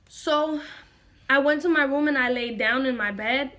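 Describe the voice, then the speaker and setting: A woman's voice: high voice, moderate pace, bright, forceful tone. A young woman vlogger dramatically retelling a personal story to camera, repeating lines for effect.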